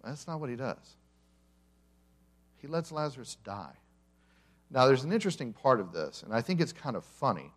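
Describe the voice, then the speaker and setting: At a church service, a male pastor with a medium-pitched voice delivers a conversational sermon at a moderate pace, leaving long pauses. He is an animated storyteller who acts out the characters' quotes with humor.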